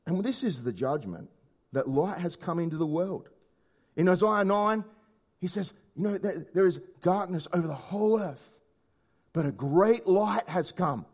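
Expressive and a little slow, a man gives a conversational sermon, frequently asking rhetorical questions and moving between hushed low lines and raised emphatic ones.

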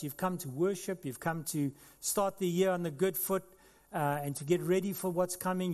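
A man's voice: sits high, long reverb tail. A man preaching a sermon to his congregation in a church, earnest and conversational. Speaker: pastor. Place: church hall.

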